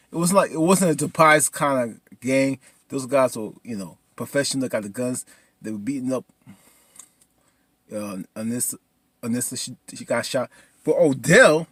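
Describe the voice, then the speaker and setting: A man casually recapping a TV episode in an excitable, colloquial way. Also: medium pitch, no echo. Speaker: TV episode reviewer.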